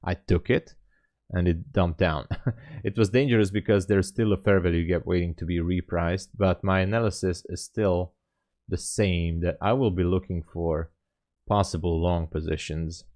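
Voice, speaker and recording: A man's voice: deep voice, fairly even intonation, normal speed, a little mellow, dry recording. A man hosting a live day-trading stream, chatting casually with viewers and greeting them by name. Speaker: livestream host and day trader. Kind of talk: casual livestream chat.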